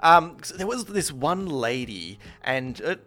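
A man telling stories in casual chat, animated, and loud when he acts out a quarrel. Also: on the high side, unhurried.

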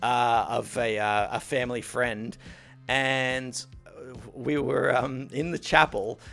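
A young adult man chatting casually, telling animated, profane stories and laughing through them. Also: medium pitch, slow pace, vocal fry, soft background music. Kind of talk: casual storytelling chat.

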